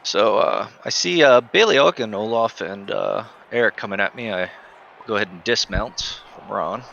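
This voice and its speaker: Gravelly-voiced man playing a tabletop game. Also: fairly low pitch, pushed and bright. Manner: halting with many uhs. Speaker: player. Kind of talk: in-character tabletop play. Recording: dull, slightly noisy stream audio.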